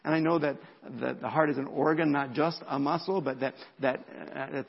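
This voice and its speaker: Man, pastor mid-sermon; gravelly voice, dull lo-fi church recording. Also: on the high side, moderate pace. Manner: animated, repeats words, drops to a whisper for emphasis.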